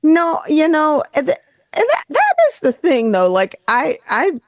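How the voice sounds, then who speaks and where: A woman's voice: sits high, huge pitch swings, measured pace, dry recording, studio quality. A middle-aged woman hosting a podcast, chatting in a rambling way and swearing freely. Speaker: podcast host. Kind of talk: casual chat.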